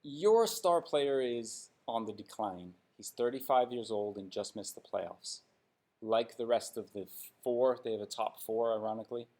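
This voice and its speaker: A man's voice: medium pitch, measured pace, a little mellow. A man giving blunt, sarcastic hockey commentary in an opinionated vlog rant.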